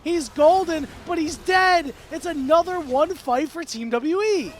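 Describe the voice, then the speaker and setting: A man calling live esports play-by-play, rapid and excitable, bantering with his co-caster. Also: very high voice, slight background noise.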